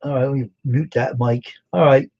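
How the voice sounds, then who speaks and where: A man with a mid-range, slightly mellow voice hosts a casual live stream, greeting viewers by name and quizzing them. He speaks at a moderate pace with fairly even intonation, and the recording has a dull lo-fi sound.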